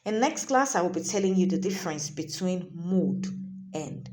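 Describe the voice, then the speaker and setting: A woman with a low, slightly mellow voice speaks animatedly at a moderate pace. She's a teacher giving a classroom lesson on literary tone, explaining points carefully, repeating them, and checking in with her listeners.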